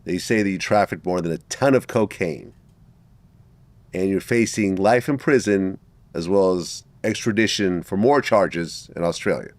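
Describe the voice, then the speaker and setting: A man's voice: deep voice, normal speed, dry recording. A man hosting an interview who sums up the case and asks short questions. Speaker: interview host.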